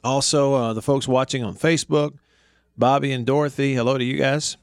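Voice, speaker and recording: A man's voice: mid-range voice, fairly even intonation, fairly quick, smooth, no echo, clean studio sound. A man with a Southern US accent hosting a radio show, chatting casually, laughing easily and rambling through stories. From American South. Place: radio studio.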